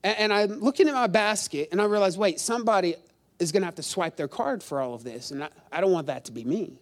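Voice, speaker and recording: Middle-aged male pastor, high voice, chatty sermon, jokes at his own expense. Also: lively intonation, quick pace. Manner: chatty, self-deprecating storytelling with crowd questions.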